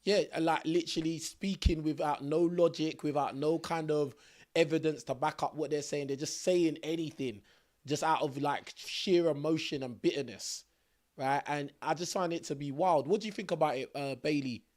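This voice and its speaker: A man hosting a casual podcast discussion, forceful and using casual slang. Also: fairly high pitch, moderate pace.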